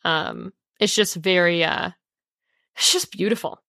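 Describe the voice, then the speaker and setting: A young woman co-hosting a casual book podcast, animated and swearing freely as she laughs through her reactions. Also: on the low side, a little slow, no room sound, clean studio sound. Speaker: podcast co-host.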